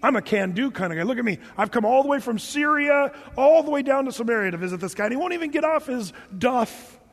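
Proud, indignant commander ranting about his status, put on by a male preacher; high-pitched, long hall reverb. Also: expressive, fast, heavily acted. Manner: boastful, huffy ranting. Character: proud indignant foreign army commander, man.

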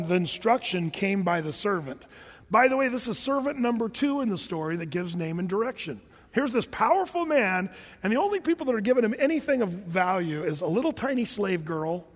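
A male pastor preaching a sermon in an animated, emphatic way, often repeating words as he thinks. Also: high-pitched, in a large hall.

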